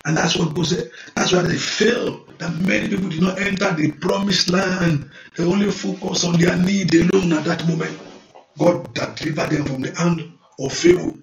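Male pastor, middle-aged, fervent preacher, slightly high and gravelly, echoey church room. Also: fairly even intonation. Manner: fervent preaching, slow drawn-out prayer and praise calls, bursts of speaking in tongues. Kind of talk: sermon with prayer. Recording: echoey room, faint noise.

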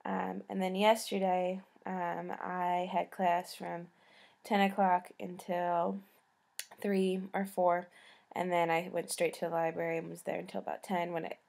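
Tired college girl w slight southern accent, creaky voice, rambling and trailing off. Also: lowish voice, monotone, a little slow, darkish tone. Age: young adult. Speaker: college student vlogger. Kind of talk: casual chat to camera.

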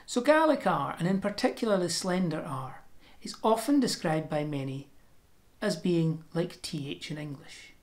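A woman giving a pronunciation lesson, explaining sounds step by step and demonstrating them slowly and deliberately. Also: fairly low pitch, animated, darkish tone. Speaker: language teacher.

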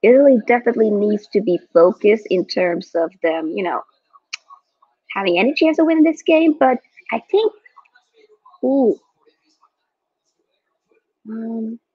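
A young woman hosting a live football watchalong from home, excitable and reading out viewer chat. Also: fairly high pitch, a little slow, pauses often, breathy edge, no room sound. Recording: dull lo-fi dry mic.

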